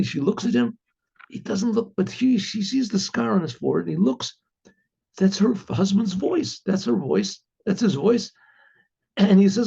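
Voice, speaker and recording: A man with a fairly high, husky and gravelly voice tells a story as a rabbi. He acts out the voices of the figures in an animated way and keeps clearing his throat. The recording is dull and lo-fi. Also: normal speed. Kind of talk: storytelling narration.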